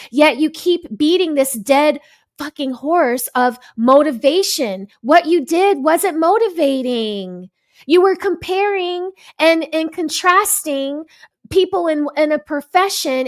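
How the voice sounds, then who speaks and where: A woman giving an exasperated, emphatic commentary, lecturing as she reacts to a panel clip. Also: sits high. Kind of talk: ranting commentary.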